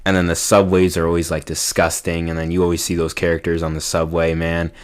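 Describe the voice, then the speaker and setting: A young man with a very low voice rambles about his city. He leans on filler words and swearing as he talks. He sinks into quiet mumbles and then bursts out loud. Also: completely flat delivery, brisk, clean tone. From New York. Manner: rambling, profane, full of fillers; swings between mumbling and loud exclaiming. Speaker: vlogger. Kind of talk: casual rant to camera.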